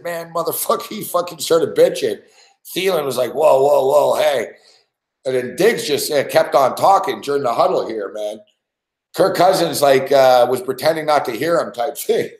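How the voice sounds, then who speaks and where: A man's voice: mid-range voice, animated, normal speed, echoey room. A man ranting in a frustrated, profane way as he reacts live to a game he has bet on. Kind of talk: casual live reaction rant.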